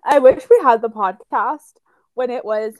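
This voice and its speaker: A woman co-hosting a podcast, talking in a relaxed, emphatic, plain-spoken way. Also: on the high side, measured pace, no room sound, clean studio sound. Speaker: podcast co-host. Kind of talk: casual chat.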